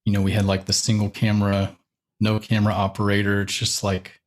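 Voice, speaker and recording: Low-voiced young man rambling casually. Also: monotone, fairly quick. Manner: rambling, many fillers and restarts, laughs lightly. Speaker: guest, church media director. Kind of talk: casual interview chat.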